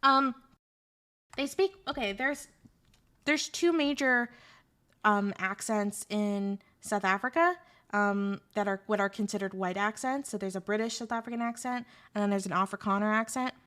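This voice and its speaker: A woman's voice: medium pitch, moderate pace, a bit bright. A young woman streamer chatting casually with her audience, sarcastic and joking as she answers chat.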